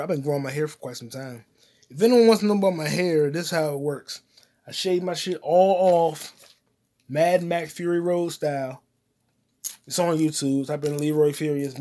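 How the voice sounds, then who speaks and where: A man hosting his own solo comedy podcast, cursing often and rambling while he eats popcorn, his voice swinging between loud outbursts and mutters. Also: moderate pace. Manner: profane, loud swings in volume and pitch; eating popcorn while talking. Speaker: podcast host.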